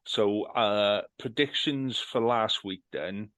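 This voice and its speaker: A man's voice: on the low side, slow, fairly bright tone, no room sound, rough recording. A man hosting a rugby podcast, chatting casually, joking and swearing freely as he runs through predictions. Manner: jokey banter, runs the segments, swears freely. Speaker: podcast host. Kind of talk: casual chat.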